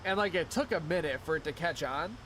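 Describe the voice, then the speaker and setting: A man's voice: on the high side, lively intonation, brisk, fairly bright tone, a little hiss or hum. A young man streaming live, chatting casually in a rambling, profane way and laughing often. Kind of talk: casual chat while streaming a game.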